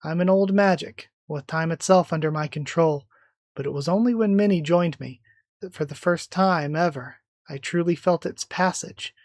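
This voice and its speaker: A reader voicing an ancient male time magic who speaks calmly and solemnly, read aloud plainly from a comic in a dry, close recording. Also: mid-range voice, normal speed, no echo, close to an everyday voice.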